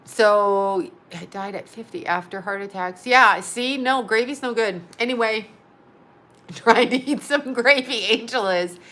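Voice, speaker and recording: A woman's voice: fairly high pitch, a little slow, a bit bright. A middle-aged woman rambling through a casual storytelling monologue as host, chatty, laughing often and acting out what others said.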